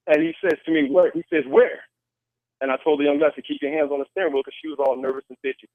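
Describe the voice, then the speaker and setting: A man calls in to tell a personal story, earnest and full of restarts. His voice sits fairly high and comes through a tinny, phone-like line with no room sound. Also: level tone, racing, no echo. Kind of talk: personal story told on a call-in show.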